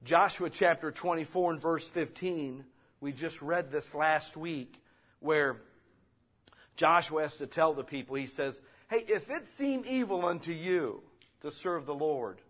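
A middle-aged man preaches a sermon as the pastor, his voice sitting a little high. He talks to the congregation like friends, dropping to quiet asides and then climbing into loud, urgent exhortation. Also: animated, unhurried.

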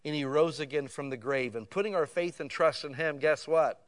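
A man preaching a sermon in a conversational, casual way that swells to loud emotional peaks. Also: fairly high pitch, moderate pace.

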